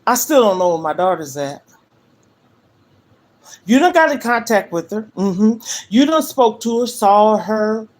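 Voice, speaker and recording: A woman's voice: mid-range voice, lively intonation, a little slow, long pauses, a little mellow. Earnest grandmother livestreaming from home. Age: older. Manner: earnest, emphatic, talks straight to viewers. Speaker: livestream host. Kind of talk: emotional livestream monologue. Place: her living room. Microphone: phone livestream.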